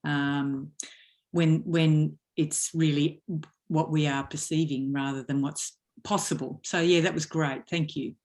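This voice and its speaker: A woman taking part in an online workshop over a video call, speaking in a thoughtful, halting way. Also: low-pitched, steady tone, a little mellow. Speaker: workshop participant.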